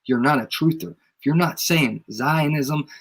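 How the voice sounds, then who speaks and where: This channel host's voice is a little high, fairly bright, and husky, at a measured pace. He has a head cold and rants casually to a live audience on a livestream, using slang and emphatically repeating his points again and again.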